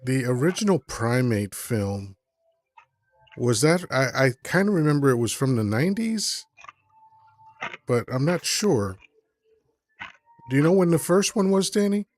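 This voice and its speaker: A man's voice: mid-range voice, very animated, measured pace, long pauses, a little mellow, no room sound. Rambling easygoing man hosting live. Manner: rambling, easygoing, thinks aloud with many fillers. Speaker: host of a live call-in stream. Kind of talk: casual chat. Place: live online stream.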